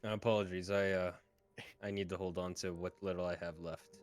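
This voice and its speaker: A man doing a quiet, hesitant warrior. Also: deep voice, steady tone, moderate pace, voice pushed down. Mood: subdued. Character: hesitant, weary male warrior.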